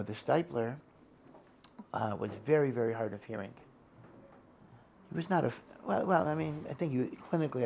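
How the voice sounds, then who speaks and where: An older man leads a relaxed class, full of stories, stopping and restarting his sentences as he goes. His voice has a gravelly texture and sits at an ordinary middle pitch. A faint hiss of noise runs under the recording. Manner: rambling, with many restarts and Yiddish-Hebrew terms; acts out a loud, shouting old rabbi in quotes. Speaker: rabbi teaching a class. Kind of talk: informal Torah lecture with stories.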